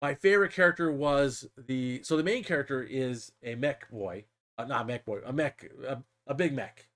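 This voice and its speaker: A man's voice: mid-range voice, normal speed, a bit bright. A man hosting a casual live stream, retelling a story animatedly and laughing often. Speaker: host.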